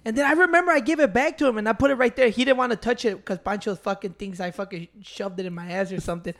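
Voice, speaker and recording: A man with a very high voice jokes and swears freely in casual chat. He trades banter with his friends. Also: fast, a bit bright.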